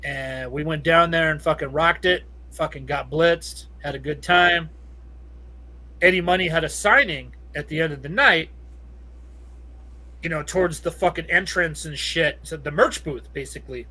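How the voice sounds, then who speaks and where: A middle-aged man from Southern California spins a long story on a podcast. His voice sits a bit high and sounds bright and edgy, and he swears almost every other word as he rambles along. He laughs easily as he goes. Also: normal speed. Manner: profane, rambling, laughs often. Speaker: podcast guest. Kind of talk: casual storytelling.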